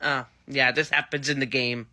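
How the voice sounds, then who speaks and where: A man's voice: mid-range voice, level tone, moderate pace, pushed and bright. A man giving a casual, rambling, enthusiastic review of a TV episode. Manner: enthusiastic, rambling fan chatter. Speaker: TV show reviewer.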